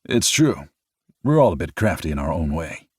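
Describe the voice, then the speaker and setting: A man's voice: low-pitched, big pitch swings, normal speed, breathy edge, no echo, clean studio sound, heavily acted. A man voicing a blunt, protective grown man with a teasing way of talking.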